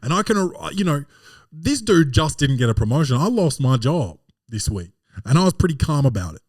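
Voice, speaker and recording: Animated, profane male podcast host. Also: fairly high pitch, brisk, dry recording, clean studio sound. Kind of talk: comedic film recap.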